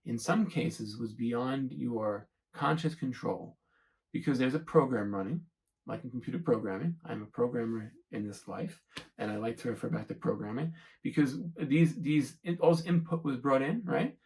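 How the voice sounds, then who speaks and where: A man's voice: medium pitch, moderate pace, a little mellow, poor audio. A man hosting a self-help channel, talking through his thoughts in a rambling, searching monologue and often checking in with the listener. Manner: rambling, searching, keeps asking "right?". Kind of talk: reflective monologue to camera.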